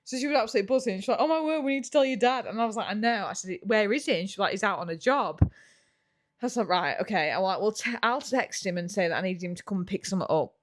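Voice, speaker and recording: A young woman tells a personal story as podcast host, chatty and animated, full of fillers. Her voice sits at a middle pitch and is recorded close and dry. She slips into the voices of people she quotes. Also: fast talker, dry recording. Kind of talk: casual storytelling chat.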